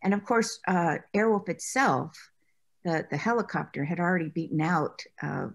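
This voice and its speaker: Woman, interview guest, chatty, storytelling, lower-pitched voice. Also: lively intonation, normal speed, vocal fry. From United States. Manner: chatty, anecdotal, laughs often. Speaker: interview guest, former actress. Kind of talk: conversational interview.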